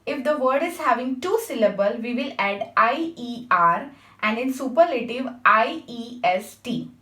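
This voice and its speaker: An English teacher runs a grammar lesson, her fairly high voice animated, bright and pushed as she patiently spells out letters and checks in with the class without hurrying. The room is echoey and the mic sits at a distance.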